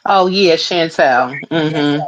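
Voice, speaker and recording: A woman co-hosting a casual live-stream chat, answering in calm, brief replies. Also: sits low, slow, lo-fi sound. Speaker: co-host.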